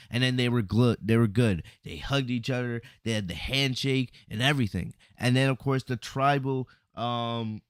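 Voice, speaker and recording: A man hosting a podcast, recapping a wrestling event in a casual, animated storytelling way, often asking "right?" and acting out lines. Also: medium pitch, no echo, clean studio sound. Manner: animated storytelling, acts out quotes, frequent "right?" and "you know". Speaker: podcast host reviewing wrestling. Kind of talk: casual solo review commentary.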